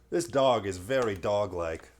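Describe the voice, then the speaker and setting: A man's voice: on the low side, slight background noise. Man reading a bedtime story aloud. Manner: reads aloud, breaking off for playful joking asides.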